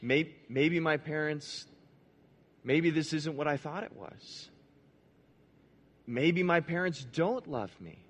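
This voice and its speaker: A preacher playing an anxious little six-year-old girl in a sermon story. She talks in halting bits, tripping over words and circling back as the doubt grows. His voice sits close to his own, just a touch higher. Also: in a large hall. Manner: halting, stumbling and repeating words.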